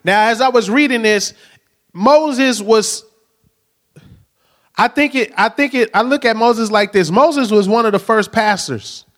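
A man's voice: high voice, a little slow, a bit bright. A middle-aged man preaching a sermon in a conversational way, often checking in with the congregation. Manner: conversational preaching, asks the crowd "right?". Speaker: pastor.

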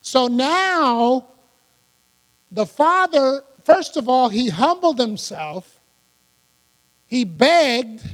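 A man preaching a sermon as pastor, animated and laughing often as he acts out quoted lines. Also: very high-pitched, drawn-out words, pauses often. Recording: long hall reverb.

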